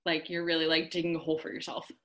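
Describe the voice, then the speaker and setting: A woman chatting casually, telling a story in an animated way, acting out quotes and laughing often. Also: sits low, racing, a little hiss or hum. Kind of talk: casual chat.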